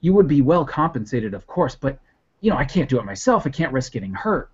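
A man's voice: medium pitch, very animated, fairly quick, husky. A man voicing a short, nervous male insect racer who stammers and repeats himself in a panic, on a dull lo-fi recording. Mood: pleading. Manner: stammering, frantic repetitions.

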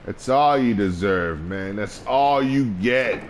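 A man's voice: lowish voice, lively intonation, slow, slight background noise. A man trash-talking and taunting through a let's play, cursing and repeating short phrases over and over. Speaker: gamer.

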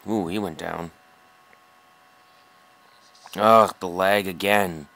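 A young man talks his way through a flight combat match in a low, unhurried voice. He grumbles and swears at lag and enemy planes, muttering half to himself. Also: steady tone, gravelly, a bit bright. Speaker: gameplay commentator. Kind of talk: live gameplay commentary.

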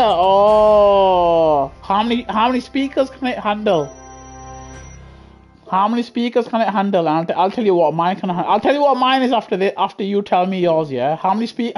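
High-voiced excitable man. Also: normal speed, faint music behind. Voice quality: high-pitched voice. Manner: excitable, yelling at the race, laughing often; chatty banter with viewers. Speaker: gaming streamer. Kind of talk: live gameplay commentary.

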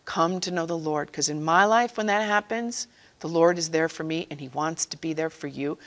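A woman's voice: low voice, moderate pace, fairly bright tone. Earnest woman sharing her faith story. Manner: earnest, conversational, acts out quotes. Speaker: speaker at a catechist training session. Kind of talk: personal faith-sharing talk.

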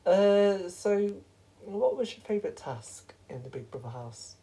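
Hoarse, rambling fan-show host. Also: medium pitch, animated, unhurried, warm tone, poor audio. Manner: chatty, rambling, self-correcting. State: hoarse, sore throat. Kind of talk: fan-made reality show hosting.

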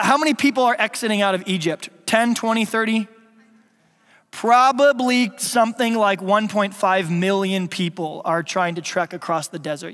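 A man's voice: sits high, a bit bright. A man preaching a sermon as pastor, playful and quizzing the congregation with questions. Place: church sanctuary. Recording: long reverb of a church hall.

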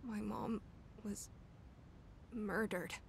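A woman's voice: mid-range voice, steady tone, extremely slow, gravelly, slight background noise. Ken Amada, a woman voicing a grieving boy. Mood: hushed. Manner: soft, hushed, pleading then bitter. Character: grieving young boy, stubborn and distrustful. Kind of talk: video game voice acting.

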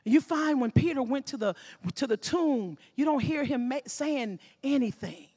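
A woman pastor, preaching a lively sermon, acting out scenes and often shouting. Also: sits high, moderate pace, breathy edge. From Mississippi.

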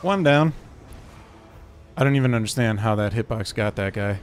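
A man's voice: on the low side, fairly even intonation, quick pace, faint music behind. A man streaming an online game and talking through it live, playful and joking. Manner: playful and joking, with bursts of laughter and silly sounds. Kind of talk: live gameplay commentary.

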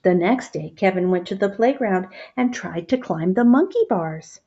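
A woman reading a children's picture book aloud, expressive and stopping to ask the children questions. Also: medium pitch, moderate pace, dull audio, slight background noise.

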